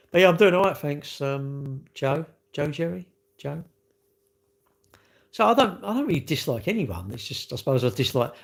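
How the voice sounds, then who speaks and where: On a live stream, a medium-pitched man answers chat comments bluntly. He rambles, restarting often and tossing out rhetorical questions.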